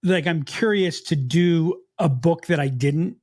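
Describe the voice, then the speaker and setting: An animated American man with a slight Mid-Atlantic accent, chatting casually as a podcast co-host. His voice sits a bit higher than most men's, and he often breaks off and restarts his sentences as he gets going. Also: measured pace. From United States. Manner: animated, self-interrupting, frequent restarts. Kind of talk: casual chat.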